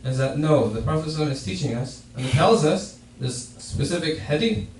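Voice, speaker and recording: With lively intonation and a slightly high, slightly mellow voice, a man talks fast through a Friday sermon explaining a hadith, repeating and restarting phrases frequently. The mosque prayer hall echoes, the mic is distant, and faint noise lingers.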